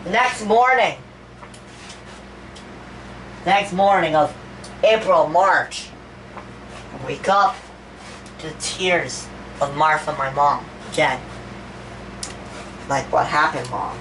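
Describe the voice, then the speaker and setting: A woman's voice: sits low, animated, slow pace, pauses often, fairly bright tone, distant mic, a little hiss or hum, full character voice, low-quality recording. A woman voicing a grieving young man who gives a rambling, stammering eulogy in a homemade toy-figure animation. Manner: stammering, repeats words, rambling. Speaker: eulogy speaker.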